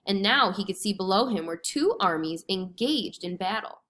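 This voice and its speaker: A woman reading a storybook lesson aloud to children with expressive, clear storytelling. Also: mid-range voice, normal speed. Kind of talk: storybook read-aloud narration.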